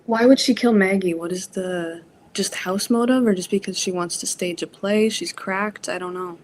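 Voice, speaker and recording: A woman's voice: medium pitch, normal speed. A young woman hosting a casual book club chat, puzzling through a mystery plot with questions.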